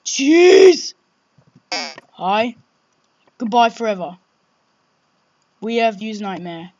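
A woman's voice: sits high, big pitch swings, unhurried, no room sound, lo-fi sound. A woman playing a horror game and commenting, jumpy and exclaiming, often swearing. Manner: jumpy, exclaiming, swearing, frequent 'oh my God'. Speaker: let's play gamer. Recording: loud background noise.

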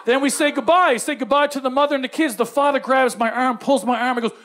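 A man's voice: very high-pitched, very fast, hardly any pauses, fairly bright tone. A young man, telling a brash, profane stand-up comedy story. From Canada.

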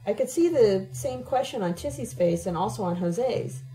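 A woman reading a novel aloud in the first person, steady and even-paced. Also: fairly high pitch, moderate pace, low-quality recording. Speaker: audiobook reader.

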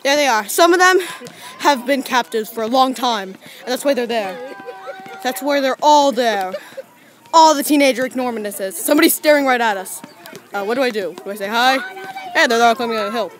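A woman's voice: fairly high pitch, brisk, slight background noise. An eleven-year-old girl hosting a playful mock nature documentary vlog outdoors, dramatic and giggly. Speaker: vlog host. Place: outdoors in a neighborhood.

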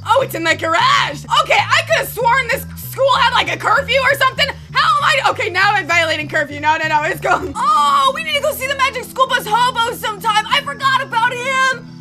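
A woman's voice: very high-pitched, expressive, a little fast, hardly any pauses, loud music behind the voice. A woman casually commenting on a video game as she plays, joking and chatty. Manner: playful, jokey, chatty, laughs a lot. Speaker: gameplay video host.

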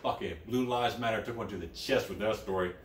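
A man hosting a crude comedy news show while high, rambling and swearing, with sudden loud outbursts. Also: brisk. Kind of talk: crude satirical news commentary. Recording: echoey room, mic at a distance.

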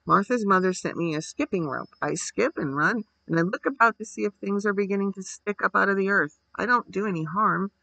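A man's voice: high voice, fairly quick, creaky, hardly any pauses, bright, forceful tone, dry recording, pitched above the performer's own voice, full character voice, low-quality recording. A man voicing a thin, timid little orphan girl who stammers and pleads earnestly. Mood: timid pleading.

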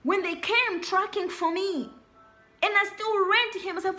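Young woman preacher, very high and sharp voice, emphatic and repetitive delivery. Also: normal speed. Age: young adult. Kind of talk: sermon.

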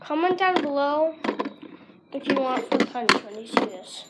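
Female vlogger, high voice, rambles off-topic, heavy background noise and clicks on the camera mic. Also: lively intonation, measured pace. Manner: rambling, jumps between topics. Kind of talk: casual rambling vlog.

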